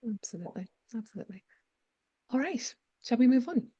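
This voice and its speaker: A woman teacher trainer presenting a webinar on accents, explaining in a measured way with frequent ums. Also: on the high side, animated, mellow, husky, dry recording, dull audio. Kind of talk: lecture-style webinar presentation.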